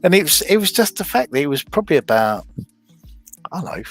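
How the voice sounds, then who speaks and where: A man's voice: on the high side, very animated, brisk, soft background music. A middle-aged man, chatting casually as a co-host, rambling with many restarts and fillers. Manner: rambling, lots of restarts and ums. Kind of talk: casual chat.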